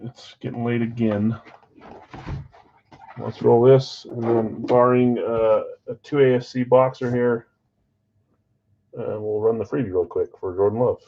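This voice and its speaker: Male break host, mid-pitched, upbeat countdown calls, slightly dull stream sound. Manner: energetic countdowns, chatty with viewers; auctioneer-like rapid calls. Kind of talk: live-streamed card break commentary.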